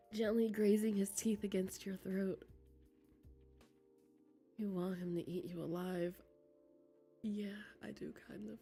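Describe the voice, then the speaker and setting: A woman's voice: medium pitch, mellow, breathy edge. A woman streamer reading a game aloud, giggly and flustered, dropping into whispers as she reads.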